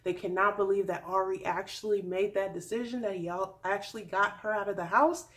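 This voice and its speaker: A woman's voice: mid-range voice, fairly quick. A young woman in her twenties casually recapping a TV episode, chatty and sassy, acting out what others said. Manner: chatty, sassy, animated with mock quotes. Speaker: vlogger recapping a reality show.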